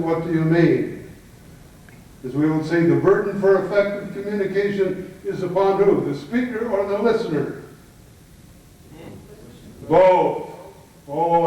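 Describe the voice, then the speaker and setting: A man's voice: high-pitched, measured pace, long pauses, warm tone, dull audio. A man giving a lecture to an audience, teaching with anecdotes and strong emphasis. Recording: echoey hall from far off.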